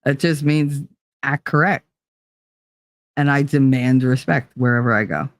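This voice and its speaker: A woman's voice: a bass voice, fairly even intonation, a little slow, dry recording. A woman with a New Jersey accent hosting a livestream, chatting casually with viewers in a blunt, profane, rambling way. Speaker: livestream host. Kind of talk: casual chat with live viewers.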